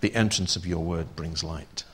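A man's voice: deep voice, moderate pace, fairly bright tone, slight background noise. A man preaching a sermon, talking conversationally and putting rhetorical questions to his listeners.

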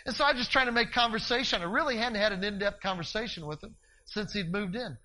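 Male minister, high bright voice, animated sermon storyteller who swings from loud to hushed. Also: quick pace, poor audio. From northeast Ohio, US.

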